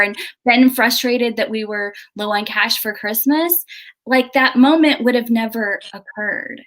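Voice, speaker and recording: A middle-aged woman hosting a casual video chat, telling a story in an animated way with halting restarts. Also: fairly high pitch. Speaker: host.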